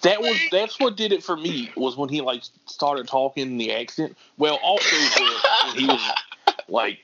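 A mid-pitched man picks apart wrestling storylines with wry, critical commentary. His audio is dull and carries audible background noise. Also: expressive, moderate pace. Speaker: podcast co-host. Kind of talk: casual wrestling chat.

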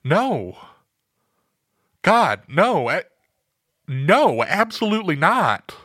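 A flustered show host stumbles over his words and keeps apologizing in a bright, lively voice. The sound is dry and close. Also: high-pitched, very slow, no echo, heavily acted. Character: flustered male radio host caught off guard.

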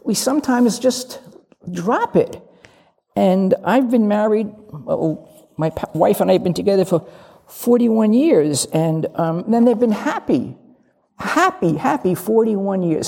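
A woman's voice: mid-range voice, gravelly, warm tone, husky. An older woman giving a candid, humorous dharma talk as a lay Zen teacher, acting out little dialogues. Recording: long reverb of a large hall.

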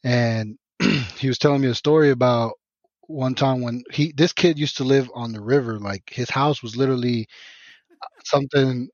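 Man from Mexico, casual swearing storyteller, animated retelling, dull dry podcast recording. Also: medium pitch, normal speed, no room sound. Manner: profane, rambling, animated retelling with many restarts.

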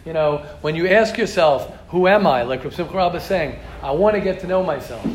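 A middle-aged American man giving an informal religious lecture to a group in a study hall, animated and repetitive, acting out quoted speech. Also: a little high, fairly quick. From United States. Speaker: Torah class teacher. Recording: roomy hall, faint ambient noise.

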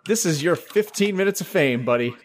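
A man's voice: a little high, animated, fairly quick, a little hiss or hum. A man co-hosting a casual podcast, reading facts aloud and reacting with swearing and laughter. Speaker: podcast co-host. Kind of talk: casual chat reading from a wiki page.

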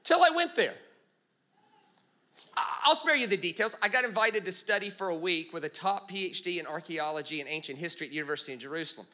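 A man preaching a comedic sermon, telling stories as an animated storyteller with quick jokes and asides. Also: sits high.

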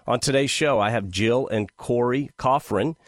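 A man's voice: mid-range voice, moderate pace, no room sound, studio quality. A man hosting a radio show, speaking in a promotional way and repeating the key details.

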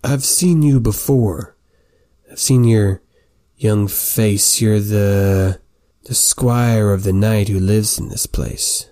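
A man playing a male centaur who answers in slow, measured rhymes. His voice is dark and mellow, and he speaks with unhurried dignity, like a tabletop game character. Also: on the low side, no echo, studio quality. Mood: friendly. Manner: slow, measured rhyming speech.

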